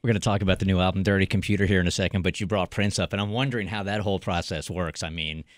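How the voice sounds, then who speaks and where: A man hosting a radio show, asking eager, quick questions of his guest. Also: low-pitched, fairly even intonation, no echo, clean studio sound. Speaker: radio host. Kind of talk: radio interview. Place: radio studio.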